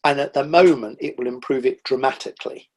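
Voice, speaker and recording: A middle-aged man, a guest on a podcast, telling animated stories about the wildlife he sees, with lively quoted asides. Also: mid-range voice, a little fast. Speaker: guest, nature writer. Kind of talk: casual conversational interview.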